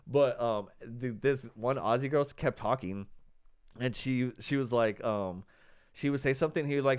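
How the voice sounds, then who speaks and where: A young man co-hosting a podcast, telling a story in casual chat, animated, acting out quotes and saying "like" and "dude" a lot. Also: medium pitch, quick pace, clean tone. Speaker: podcast co-host.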